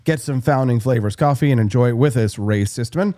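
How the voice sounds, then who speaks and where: A man hosting a live political talk show, brash and quick, reacting to chat and plugging sponsors. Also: mid-range voice, warm tone. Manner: brash, fast-talking, reads live chat. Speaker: host.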